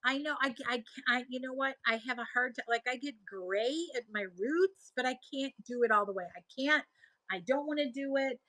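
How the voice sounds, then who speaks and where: A middle-aged woman with a Buffalo accent chats through viewer comments on her live stream. Her voice sits a little high, and she rambles and restarts as she goes. The sound is close and dry, with no room echo. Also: normal speed, bright, forceful tone. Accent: Buffalo, New York. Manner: chatty, reads viewer comments aloud and answers them; rambling, often trails off and restarts. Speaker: livestream seller host.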